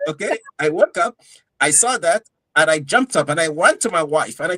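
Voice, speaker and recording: Man, podcast co-host, animated storyteller, slightly high voice. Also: moderate pace, dry recording, low-quality recording. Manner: animated storyteller, acts out quotes. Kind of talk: casual podcast chat.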